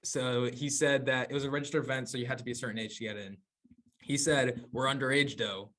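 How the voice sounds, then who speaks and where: A man's voice: mid-range voice, fairly even intonation, quick pace, sharp tone. A young man chatting casually with his friends on a podcast, telling stories and corny jokes, laughing often. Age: young adult. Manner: laughing, corny-joke storyteller, says man a lot. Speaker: podcast co-host. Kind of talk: casual chat among friends.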